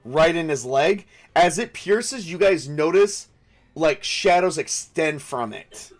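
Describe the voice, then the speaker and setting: A man's voice: fairly high pitch, expressive, slow pace. A man running a tabletop game as game master, thinking aloud with many fillers and restarts.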